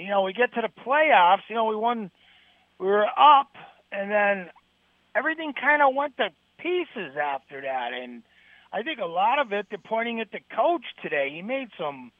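A man's voice: high voice, no echo. A man from New England calling in to a sports show, rambling in a glum, complaining way. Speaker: caller. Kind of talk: call-in sports talk. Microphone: telephone. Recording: tinny phone line.

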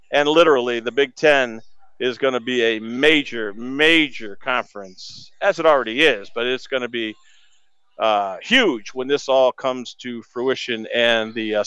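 Male sports radio host, energetic score rundown, smooth and resonant, dry close studio mic. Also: mid-range voice, no room sound.

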